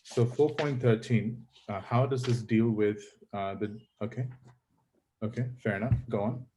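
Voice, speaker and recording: A man teaching an online scripture class, questioning his students in a measured, probing way with frequent fillers. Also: fairly low pitch, mellow, a little hiss or hum.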